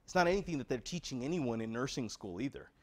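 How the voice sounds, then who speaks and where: A man's voice: medium pitch, expressive, quick pace. An American man giving an earnest educational talk to patients and families, speaking directly and asking rhetorical questions.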